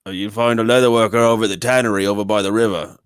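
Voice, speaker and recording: Smooth-voiced man running the game. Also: on the low side, steady tone, no echo. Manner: slow, measured narration. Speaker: game master. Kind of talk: narrating a tabletop game.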